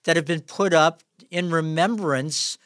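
A middle-aged man hosting a podcast, speaking in a measured, conversational way. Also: a little high, a bit bright, no room sound, studio quality. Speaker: podcast host. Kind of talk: interview talk.

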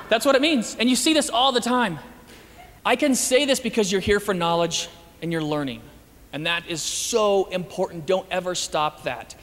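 Man, Christian speaker, high voice, rapid delivery, joking and animated, acts out quotes, long hall reverb. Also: a little hiss or hum. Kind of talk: lively talk to an audience.

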